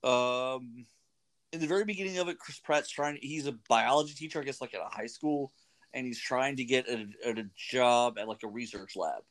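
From a radio studio, a male radio host with a medium-pitched voice rambles casually at a moderate pace. He is chatty and uses lots of fillers.

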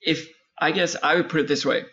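A man's voice: fairly high pitch, fairly even intonation, a little fast, pushed and bright. A man co-hosting a casual podcast chat, talking in a laid-back, rambling, slangy way. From San Diego area. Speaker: podcast co-host. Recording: muffled lo-fi audio.

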